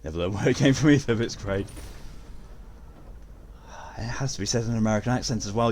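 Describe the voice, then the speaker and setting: A man casually chatting while streaming a game, relaxed and swearing now and then. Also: on the low side, brisk, long pauses, a little hiss or hum. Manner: laid-back, swears casually. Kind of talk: casual gameplay commentary.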